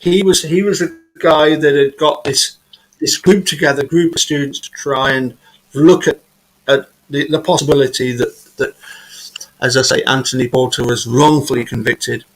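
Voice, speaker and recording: A man's voice: mid-range voice, fairly even intonation, normal speed, a little hiss or hum, low-quality recording. A man hosting a casual live video chat, often stumbling and repeating words as he searches for them. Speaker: host. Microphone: video call.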